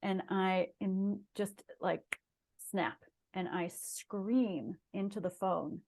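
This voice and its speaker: A woman's voice: medium pitch, slow, darkish tone. A middle-aged woman, a guest on an interview show, earnestly telling a personal story in casual conversation. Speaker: guest, shaman and massage therapist.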